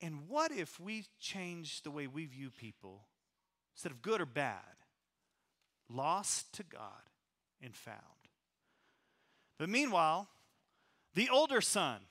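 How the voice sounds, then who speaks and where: A pastor delivering a sermon in a church. His voice sits high and sounds bright and forceful. He talks conversationally, restarts phrases and lets lines trail off low.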